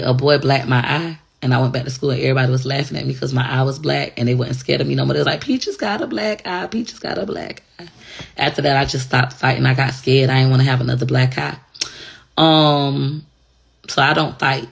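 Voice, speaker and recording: A woman's voice: extremely low pitch, creaky, breathy edge. A woman in casual confessional chat, talking bluntly and frankly with plenty of profanity. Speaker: online personality.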